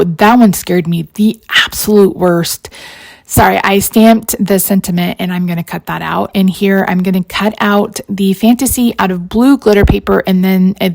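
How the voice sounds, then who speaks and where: A woman's voice: mid-range voice, creaky, a little mellow. A woman, narrating a crafting tutorial in a rambling, chatty way full of side stories. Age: 40s. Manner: rambling, storytelling asides, frequent laughs.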